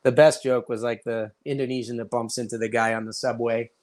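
A man with an American accent, hosting a relaxed podcast chat and telling anecdotes, acting out the people in them. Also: mid-range voice, brisk. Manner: storytelling, acts out quoted voices. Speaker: podcast host. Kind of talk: casual conversation.

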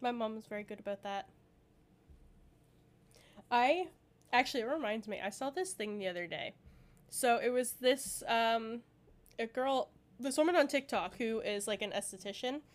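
A woman's voice: fairly high pitch, lively intonation, moderate pace, long pauses. A young woman co-hosting a podcast in casual chat, blunt and profane, who acts out the voices of the people she quotes. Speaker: podcast co-host.

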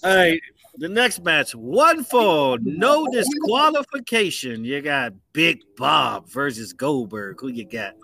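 Lively, higher-voiced man hosting. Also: takes it slowly, vocal fry, no echo. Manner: animated, laughing often, slangy. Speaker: podcast host. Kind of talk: casual chat.

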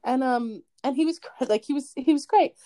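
A woman's voice: high-pitched, normal speed, warm tone. A woman co-hosting a podcast, telling a story in casual chat and often laughing. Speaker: podcast co-host.

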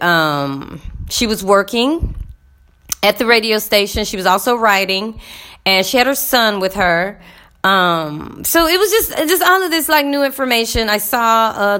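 A woman's voice: medium pitch, sharp tone. A woman vlogger casually recounting a visit, rambling and talking straight to her viewers with frequent fillers.

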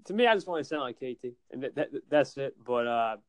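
A man's voice: mid-range voice, expressive, brisk, dry recording. Rambling casual man from New Jersey. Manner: rambling, with many restarts and fillers. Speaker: internet radio station host. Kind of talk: casual chat. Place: home, winter in New Jersey.

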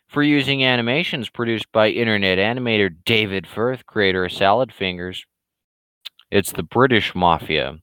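A man's voice: on the low side, moderate pace, fairly bright tone, clean tone, dry recording. A man with a slightly scratchy throat, hosting a live show with sarcastic, rambling commentary and casual swearing.

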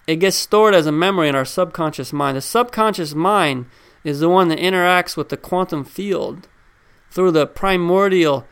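A man with a high, smooth, resonant voice gives a casual motivational talk. He speaks in a loose, conversational way, asks his listeners questions and repeats key words to hammer his points home. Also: fairly bright tone. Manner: addresses listeners directly with questions. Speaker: self-help speaker.

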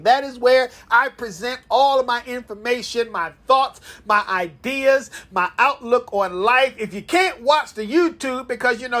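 A man's voice: very high voice, pushed and bright. A young man hosting a podcast, talking casually and playfully to his listeners, joking and chanting along with them. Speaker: podcast host.

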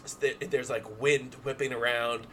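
A man's voice: mid-range voice, normal speed, a little hiss or hum. A man co-hosting a comedy podcast, riffing an improvised story with lots of fillers. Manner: animated, full of fillers. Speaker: co-host.

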